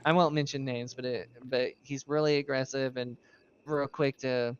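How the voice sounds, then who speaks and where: A man's voice: mid-range voice, steady tone, normal speed, clear, resonant tone, lo-fi sound. A man in a casual roleplay chat, training a new recruit as sheriff, rambling through stories, laughing often and swearing casually. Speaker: streamer playing a sheriff.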